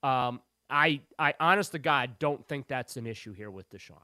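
A man's voice: medium pitch, moderate pace, pushed and bright, no room sound, studio quality. A man on a sports radio show as the beat reporter guest, talking in rambling, emphatic runs full of restarts.

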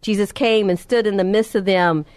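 A woman's voice: steady tone, moderate pace, a little mellow, clear, resonant tone, no echo. A woman preacher delivering a sermon, retelling scripture with impassioned emphasis, her voice climbing at key points. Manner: impassioned, rising in pitch at emphasis.

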